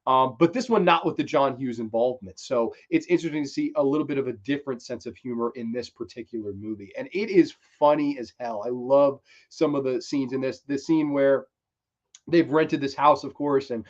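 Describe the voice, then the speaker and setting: A man's voice: on the high side, brisk. A man hosting a movie review show, talking casually and enthusiastically in a rambling, profane style. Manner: enthusiastic, rambling, swears freely. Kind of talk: casual film countdown talk. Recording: dull lo-fi recording.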